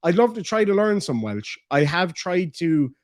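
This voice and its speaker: An Irish man chats on a livestream, reading viewer messages and tossing out crude jokes and banter. His voice sits a little higher than most men's. The sound is dry and close. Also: big pitch swings, normal speed, no room sound. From Ireland. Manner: joking, banter-filled, playfully crude. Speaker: livestream host.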